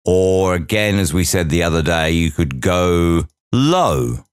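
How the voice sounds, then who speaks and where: A man's voice: sits low, expressive, slow, smooth, no room sound, clean studio sound. A man teaching audio editing, talking through each step aloud with chatty asides. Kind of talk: software tutorial walkthrough.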